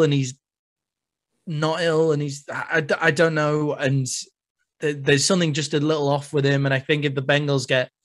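A man hosting a podcast in casual sports chat, laughing often, self-deprecating and swearing. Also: medium pitch. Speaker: podcast host.

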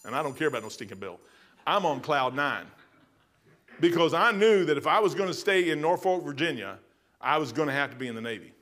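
High-voiced folksy preacher man. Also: big pitch swings, a little fast, fairly bright tone. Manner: folksy, storytelling, emphatic, addresses listeners as "man". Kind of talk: sermon.

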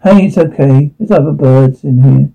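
A man's voice: a little high, moderate pace, vocal fry, muffled recording. A man voicing a young lad consoling a mate. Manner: reassuring, matter-of-fact. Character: young male friend, consoling.

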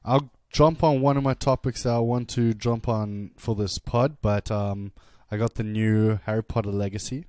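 A man's voice: lowish voice, fairly even intonation, normal speed, few pauses, a little mellow, dry recording, studio quality. A young man co-hosting a casual podcast, joking, boastful and crude, often laughing. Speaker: podcast co-host.

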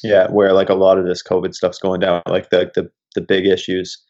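A young man, a podcast guest, telling animated travel stories in casual chat and swearing freely. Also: low voice, brisk. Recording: dull lo-fi recording.

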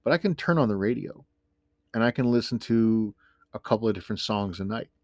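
Podcast host, male, lowish voice, dry close sound, rambling and self-mocking. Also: expressive, a little fast, no room sound. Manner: chatty, ranting, self-deprecating. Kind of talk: casual solo podcast talk.

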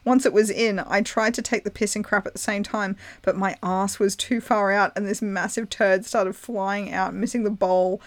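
A woman at a middle pitch reads a story aloud to her co-host with amused delivery. She acts out quoted voices as she goes. The recording is close and dry. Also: moderate pace, few pauses, no room sound. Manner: amused reading, breaking into laughs, animated voices for quotes. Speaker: podcast host reading a story. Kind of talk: reading a story aloud with commentary.

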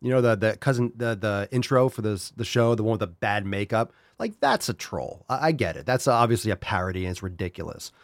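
A man's voice: fairly low pitch, lively intonation, fairly quick, few pauses, dry recording, studio quality. A man hosting a podcast in casual, exasperated commentary. He swears freely and talks straight to his audience. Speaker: podcast host.

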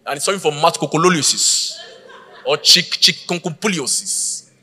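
A man preaching a sermon, telling a story with lively acted-out voices and shouting at the peaks. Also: a little high, moderate pace, breathy edge, long reverb tail. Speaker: pastor.

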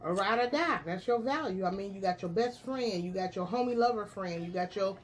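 A woman's voice: medium pitch, brisk, a little hiss or hum. A woman on a casual talk panel, blunt and profane, telling stories and acting out quotes. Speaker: podcast panelist. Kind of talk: casual chat.

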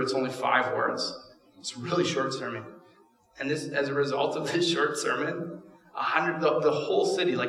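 A man's voice: medium pitch, fairly bright tone. A male pastor preaching a sermon, telling a story in a casual, humorous way. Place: church auditorium. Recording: echoey hall from far off.

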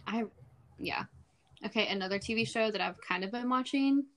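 A young woman in her twenties co-hosting a casual podcast chat, excitable and quick to exclaim. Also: on the high side. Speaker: podcast co-host.

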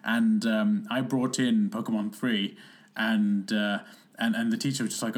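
A man's voice: on the low side, little pitch movement, unhurried. Rambling young man podcasting. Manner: rambling, laughs often, many fillers. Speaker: podcast co-host. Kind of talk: casual chat.

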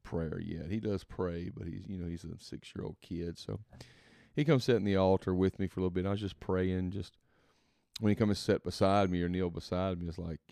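A man hosting a reflective faith podcast, thinking aloud in a rambling, halting way and often trailing off softly. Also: low-pitched, steady tone, vocal fry, no echo, studio quality. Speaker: podcast host and father.

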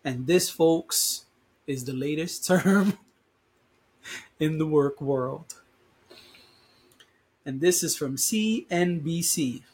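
A man's voice: a little high, slow pace, long pauses, darkish tone, breathy edge. A man hosting a casual solo podcast, congested and sniffling from allergies, talking in a conversational, emphatic way and reading news articles aloud with his own asides. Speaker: podcast host.

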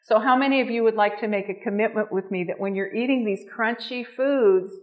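A woman's voice: medium pitch, a little fast, muffled recording. A woman teaching a nutrition and cooking class to a small group, gushing and enthusiastic as she demonstrates. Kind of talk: live cooking demonstration talk.

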